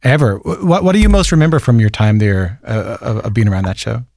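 Man, interviewer, fast pace, stop-start questions, dry. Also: lowish voice, vocal fry, a little mellow, no room sound. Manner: quick questions with frequent restarts.

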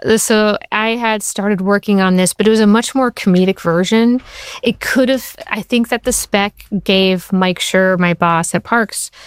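Middle-aged TV writer, woman; smooth voice, dry close mic, animated storyteller. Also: mid-range voice, no echo. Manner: animated, acts out quotes, fast bursts. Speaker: TV writer and show creator. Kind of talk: interview storytelling.

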